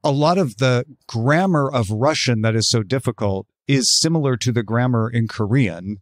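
A man from Southern Illinois hosts a podcast, relaxed and anecdotal as he tells stories. His pitch sits at an ordinary middle level. The recording is close and dry, with no room around it. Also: normal speed, no echo. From Southern Illinois, United States. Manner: relaxed, anecdotal, easygoing with short affirmations. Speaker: podcast host. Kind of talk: casual podcast conversation.

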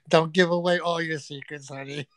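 A woman's voice: sits low, fairly even intonation, a little slow, a bit bright, no room sound. A woman hosting a casual livestream from a friend's home, teasing and swearing through crude, brash banter. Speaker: livestream host.

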